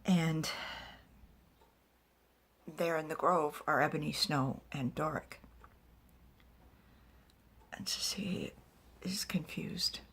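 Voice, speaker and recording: A woman narrating a fantasy story in soft, whispered ASMR storytelling with small asides. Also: sits low, slow, pauses often, slightly rough.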